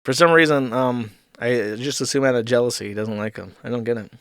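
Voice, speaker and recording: A man's voice: mid-range voice, a little fast, a bit bright, clear, resonant tone, dry recording. A man hosting a live stream, giving casual, rambling and profane commentary into a close microphone. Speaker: streamer host.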